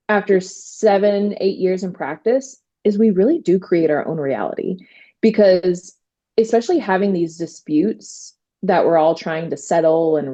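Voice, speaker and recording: A woman attorney telling stories in a casual interview, animated, quoting herself and using many fillers. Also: mid-range voice, highs cut off. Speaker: trademark attorney guest.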